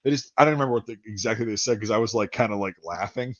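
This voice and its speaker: A man's voice: lowish voice, very fast, muffled recording. A man telling a rambling, profane story in casual chat, acting out the lines of the people in it. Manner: profane, rambling anecdotes with acted-out quotes.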